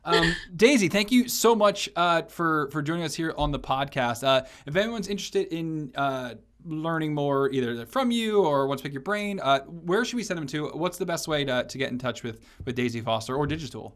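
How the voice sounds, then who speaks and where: Male podcast host, somewhat high voice, loose and rambling delivery. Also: animated, moderate pace, a bit bright. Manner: rambling with many fillers and restarts. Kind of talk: casual podcast interview.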